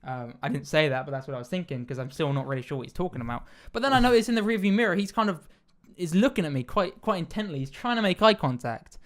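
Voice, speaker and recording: A man's voice: on the high side, sing-song, fast talker, few pauses, fairly bright tone. A young man telling a rambling story in casual chat, with stammering restarts and frequent swearing. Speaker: podcast host.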